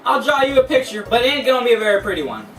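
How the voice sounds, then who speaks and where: A man's voice: very high-pitched, big pitch swings, racing, fairly bright tone, reverberant, distant mic, faint music behind, voice pushed up, full character voice. A man doing a brash evil-twin hedgehog. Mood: taunting. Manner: attempted Brooklyn tough-guy delivery.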